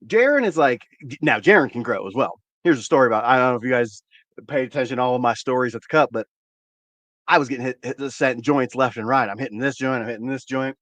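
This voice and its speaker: Man, stream host, casual rambling chat, swears a lot, repeats words, mid pitch, dry close sound. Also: fast talker, a bit bright, no room sound. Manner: laid-back, rambling, profane, repeats words. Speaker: cannabis channel host. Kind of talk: casual livestream chat with viewers.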